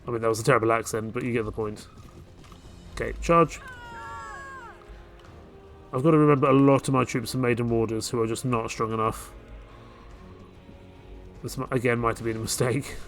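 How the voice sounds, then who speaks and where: A man hosting a let's play, talking through his game in a laid-back, thinking-aloud way. His voice sits at an ordinary middle pitch. Faint game music plays behind him. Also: moderate pace, pauses often. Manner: relaxed, thinking aloud while playing. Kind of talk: casual gameplay commentary.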